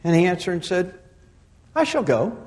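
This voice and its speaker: A man preaching a sermon who reads scripture, then explains it with humor, stressing points by repeating phrases and swinging from loud to soft. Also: sits high, very animated, moderate pace, in a large hall. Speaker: pastor.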